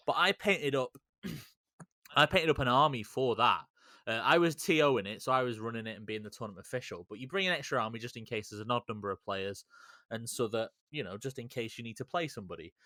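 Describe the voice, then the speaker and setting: A man's voice: mid-range voice, bright, forceful tone, no room sound. A man hosting a podcast in casual chat, rambling, teasing and swearing freely. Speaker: podcast host.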